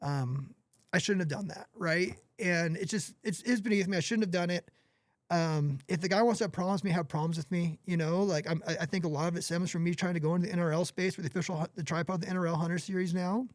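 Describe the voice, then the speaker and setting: A man's voice: high voice, fairly even intonation, fast, no echo, studio quality. A man in his forties, a podcast guest who runs a gear company, talking candidly in an earnest, apologetic way with many restarts.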